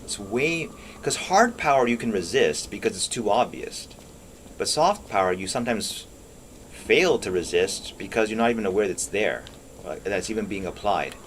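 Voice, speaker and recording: A man's voice on the low side, expressive and a bit bright, moves at normal speed with slight background noise. He streams a video game, musing and rambling aloud, swearing casually and leaving thoughts unfinished.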